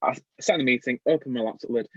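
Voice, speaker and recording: A man's voice: medium pitch, racing, a bit bright, dry recording. A young man hosting a casual live-stream chat, upbeat, laughing easily and reading out viewer comments. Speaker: host and show creator. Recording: dull lo-fi stream audio.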